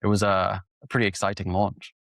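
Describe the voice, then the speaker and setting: A man's voice: lowish voice, completely flat delivery, fairly quick, gravelly, fairly bright tone, dry recording, clean studio sound. A man with a West London English accent, co-hosting a podcast in an easygoing way. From England. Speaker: podcast co-host. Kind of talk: casual podcast conversation.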